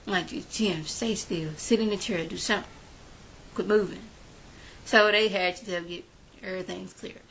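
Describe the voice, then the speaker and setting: A woman's voice: medium pitch, steady tone, moderate pace, gravelly, long pauses, fairly bright tone, a little hiss or hum, poor audio. A woman recapping a reality show episode in a chatty, opinionated way, talking straight to her viewers with speech. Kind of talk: casual recap talk with quoted paraphrases.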